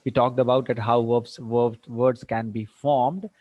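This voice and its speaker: A man's voice: medium pitch, steady tone. Male teacher quizzing students. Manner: asks quick questions, mixes in Hindi. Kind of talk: online tutorial quizzing students. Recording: dull lo-fi dry sound.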